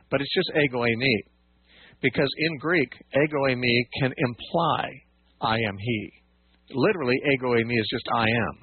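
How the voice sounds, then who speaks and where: A man with a husky voice teaches scripture on a call-in radio program, unpacking points patiently and restarting his sentences. The sound is dry and narrow, like a phone line. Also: medium pitch, no room sound. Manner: patient, explanatory, many fillers and restarts.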